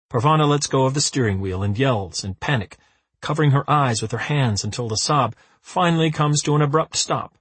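A man reading an audiobook with lively, dry comic timing. His delivery rises and falls a lot, with a slightly husky grain. The recording is close and dry. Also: mid-range voice, no echo. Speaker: narrator. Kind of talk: audiobook narration.

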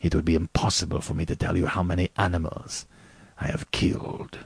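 A man reading a story aloud, voicing a suave, menacing aristocratic male hunter who speaks slowly and with courtly politeness. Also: sits low, level tone, breathy edge, no echo, heavily acted. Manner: slow, measured, courtly. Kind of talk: audiobook reading.

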